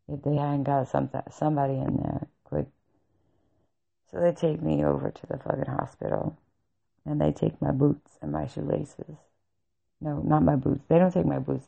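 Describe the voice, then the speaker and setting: A woman's voice: deep voice, vocal fry, warm tone. A woman vlogger telling a personal story in a blunt, heavily profane way, often breaking into laughter. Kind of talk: casual personal storytelling rant. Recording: dull lo-fi recording.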